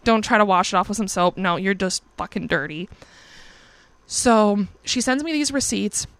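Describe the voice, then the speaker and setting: A woman tells her story straight to the listener in a casual vlog, swearing freely and leaning hard on her points. Her voice is gravelly and full of vocal fry. The sound is dry and close, with no room around it. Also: medium pitch, moderate pace, a bit bright, no room sound. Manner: blunt, profane, emphatic storytelling.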